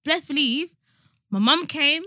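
A woman's voice: high voice, measured pace, no room sound, clean studio sound. A woman, co-hosting a podcast and telling stories in casual chat, acting out the quotes. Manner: animated storytelling with acted-out quotes. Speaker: podcast co-host.

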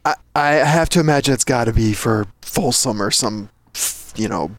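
A man in casual podcast chat, halting and self-deprecating, laughing often. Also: mid-range voice, fairly bright tone. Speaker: podcast guest.

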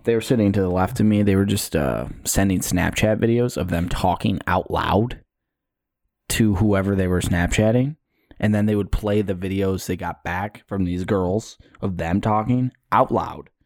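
A young man, co-hosting a podcast, telling stories in a casual, animated way. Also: low voice, normal speed, gravelly, dry recording, clean studio sound. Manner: storytelling, animated retelling with put-on quotes. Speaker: podcast co-host. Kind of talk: casual chat.

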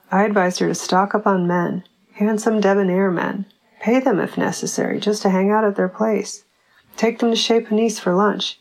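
A woman reading a literary short story aloud in a dry, measured storytelling way. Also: mid-range voice, fairly even intonation, creaky, a little mellow, rough recording. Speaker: audiobook reader.

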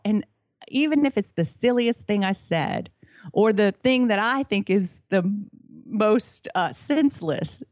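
An enthusiastic middle-aged woman talks as a podcast guest, tumbling over her words and starting again. Her voice sits at an ordinary pitch. The sound is dry and close. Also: no room sound. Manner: warm, enthusiastic, restarts often. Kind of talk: casual interview chat.

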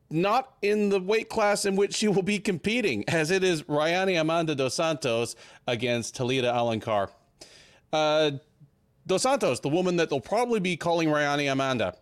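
Male podcast co-host, higher voice, steady informative fight preview read. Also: no room sound.

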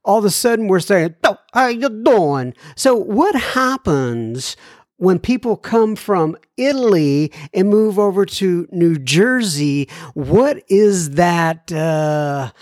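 A man's voice: sits high, very animated, slow pace, darkish tone, no room sound, studio quality. A middle-aged man hosting a recovery podcast, reading listener emails aloud and drifting into tangents he apologizes for. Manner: rambling, apologetic, goes off on tangents with chuckles. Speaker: podcast host.

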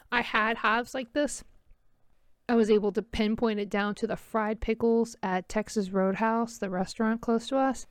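A tired woman vents in a loose, rambling monologue, exasperated but quick to mock herself. Her voice sits at a middling pitch and is recorded close and dry. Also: a little mellow, dry recording. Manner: exasperated, venting with wry self-mocking laughs. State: tired and itchy. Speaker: mother talking to camera.

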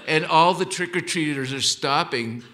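A man from Mexico in his sixties telling family stories to an audience, an animated storyteller whose pitch leaps on the punchlines. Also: moderate pace, noisy background. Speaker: author giving a talk.

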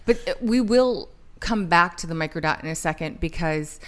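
Woman co-host, low-ish register, loose rambling delivery full of "um"s. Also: expressive, normal speed. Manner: chatty, rambling explanations with many fillers. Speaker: podcast co-host. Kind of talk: casual podcast chat.

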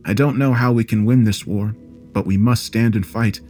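A man narrating a first-person horror story in a steady, grave manner. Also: lowish voice, moderate pace, soft background music.

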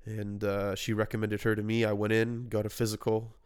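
A man's voice: lowish voice, monotone, fairly quick, clean tone. A man hosting a casual podcast chat with a stuffed-up nose, talking in a rambling, self-deprecating way. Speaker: podcast host.

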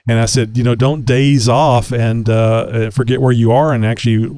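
A man's voice: medium pitch, little pitch movement, normal speed, warm tone, smooth, no echo. A man co-hosting a casual talk podcast, joking and laughing, with frequent fillers. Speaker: podcast co-host.

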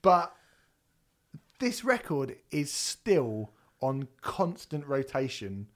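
A man co-hosting a podcast in casual chat, animated and sweary, breaking into bits of song. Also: medium pitch, very slow. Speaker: podcast co-host.

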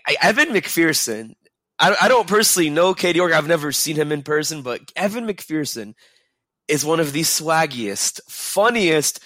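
A young man with a bright, slightly high voice chats about football on a casual panel. He is upbeat and tends to digress. The sound is dry and close. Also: expressive, normal speed, no room sound. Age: 20s. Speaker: sports reporter.

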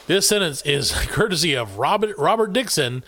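A playful male podcast host in casual comedic chat, his voice slightly high and swinging widely in pitch. He jokes and spells out words, recorded close on a dry mic. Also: lively intonation, moderate pace, a bit bright, no room sound.

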